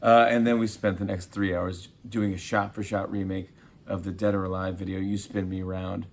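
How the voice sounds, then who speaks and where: Gravelly-voiced man telling stories. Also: low-pitched, normal speed. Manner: animated storyteller, acts out quotes. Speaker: talk show host, interviewee. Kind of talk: casual interview chat.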